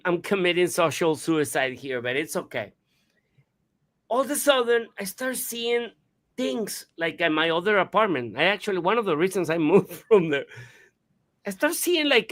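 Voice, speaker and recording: A man hosting a radio talk show, telling a story in an animated, casual way, swearing and imitating sounds. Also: high voice.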